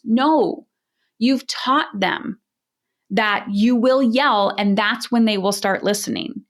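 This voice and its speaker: A woman's voice: medium pitch, a little slow. A woman parenting coach speaks in a podcast interview with a mid-range voice. She talks straight and emphatically, in the way of someone used to telling people hard truths.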